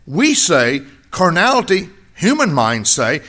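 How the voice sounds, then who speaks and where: A man preaching a sermon, repeating key phrases and swinging between loud high emphasis and quiet low asides. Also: sing-song, a little slow. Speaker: pastor.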